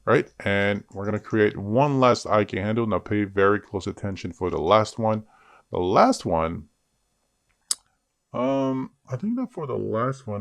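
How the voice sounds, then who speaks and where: Male tutor, low gravelly voice, lively up-and-down delivery, dry close mic, jokey software walkthrough. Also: unhurried, no room sound. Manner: chatty, self-joking asides. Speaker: 3D rigging instructor. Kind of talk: screen-recorded software tutorial.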